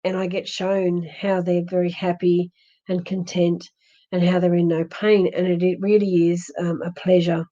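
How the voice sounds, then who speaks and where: A woman with an Australian accent, a husky voice and a fading, hoarse throat, gently consoling a viewer in a live-stream psychic reading with many restarts. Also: lowish voice, level tone, moderate pace, dull audio. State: hoarse, losing her voice. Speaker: psychic medium.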